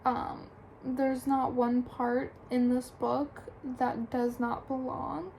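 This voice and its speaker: A woman's voice: sits high, flat delivery, slow, creaky, a little mellow, a little hiss or hum, rough recording. A young adult woman chattily retelling a book's plot for a review, full of "like" and "um". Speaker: book reviewer. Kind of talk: casual plot recap.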